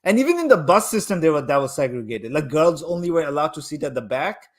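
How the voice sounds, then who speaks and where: A man's voice: on the high side, quick pace. A young man in his own voice, the guest on a live chat, telling stories animatedly and leaning heavily on "like" as a filler. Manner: animated, heavy use of "like" fillers. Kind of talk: casual storytelling in a live chat.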